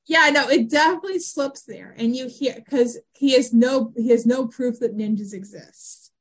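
A fairly high-voiced woman recapping a TV episode in casual chat. She talks in an animated way, jumping into the characters' lines as she retells each scene. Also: normal speed. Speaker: podcast co-host.

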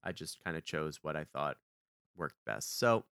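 Bright, crisp-voiced man telling a story. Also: normal speed, no echo, studio quality. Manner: animated, acts out quoted dialogue with big pitch jumps. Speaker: podcast co-host. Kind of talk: casual storytelling chat.

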